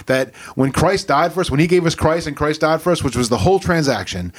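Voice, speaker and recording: A man's voice: on the high side, expressive, a little fast. A man, a pastor, in casual podcast talk, rambling with many fillers and reading scripture aloud.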